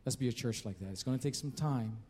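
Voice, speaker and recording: A man, a pastor, encouraging his church and then leading a calm prayer. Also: medium pitch, fast, in a large hall, a little hiss or hum. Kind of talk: sermon and prayer. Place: church sanctuary. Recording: music playing underneath.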